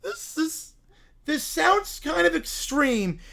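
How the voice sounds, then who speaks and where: High-voiced man making wry reaction asides. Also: normal speed, vocal fry. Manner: wry, half-mumbled asides that build into excited disbelief. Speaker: livestream host reacting to videos. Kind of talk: casual reaction commentary.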